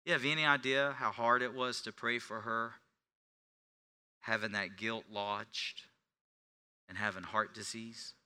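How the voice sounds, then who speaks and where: Bright-voiced man preaching a sermon. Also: medium pitch, steady tone, unhurried, long pauses, smooth. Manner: confessional storytelling, dropping to near whispers then rising to shouts. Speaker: pastor.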